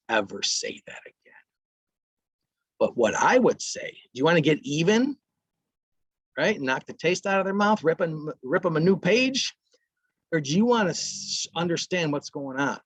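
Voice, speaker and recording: A man's voice: on the high side, breathy edge, no room sound. A man presenting a parenting workshop, talking casually and acting out short lines from parents and kids. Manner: conversational, acts out parents and kids in brief quotes.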